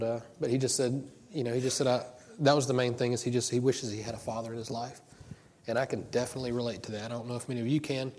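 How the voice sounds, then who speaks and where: A man's voice: mid-range voice, darkish tone, slight background noise. A middle-aged man preaching an informal sermon, telling personal stories in a rambling way with many restarts. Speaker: pastor.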